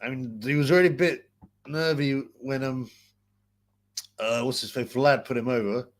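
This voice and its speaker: A man's voice: mid-range voice, normal speed. A man hosting a casual live boxing chat, rambling and crude, with many filler sounds. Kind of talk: casual post-fight live-stream chat.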